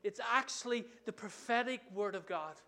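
A man preaching a sermon in an animated way, often asking the congregation questions. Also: sits high, normal speed.

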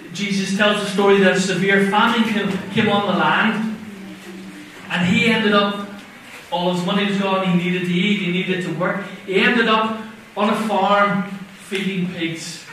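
A man with a high voice preaches a sermon in a relaxed, conversational way and keeps asking his listeners questions. He sits well back from the mic, and his words ring through a very echoey room. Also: recorded from a distance, slight background noise. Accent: non-American. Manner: conversational, asks the audience questions.

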